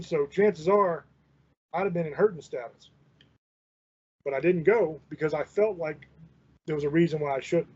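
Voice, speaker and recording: Husky high-voiced man rambling. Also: dark tone. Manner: rambling, profane, folksy. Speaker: host. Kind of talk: casual storytelling monologue. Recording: dull lo-fi recording.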